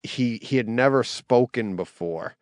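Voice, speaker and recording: A middle-aged man, co-hosting a podcast and telling stories in a lively, laughing way. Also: medium pitch, a little slow, no echo, clean studio sound. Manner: animated storyteller, laughs easily. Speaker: podcast co-host. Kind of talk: casual chat.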